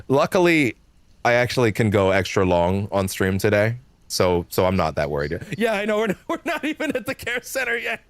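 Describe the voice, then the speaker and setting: A man's voice: fairly low pitch, huge pitch swings, a little fast, no room sound. A man streaming a game live, rambling in casual commentary, full of fillers, swearing and frequent laughter.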